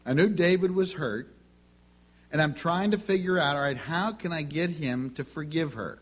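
This middle-aged preacher, his voice a little high with a husky, breathy edge, tells down-home family anecdotes mid-sermon and voices the people in them. He keeps a normal speed.

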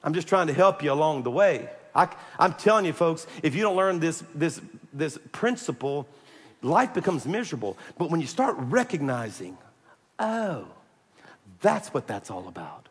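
A man preaching a sermon, animated and joking, pressing his points hard and calling out to the congregation. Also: a little high, normal speed, slightly rough, long reverb tail. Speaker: pastor.

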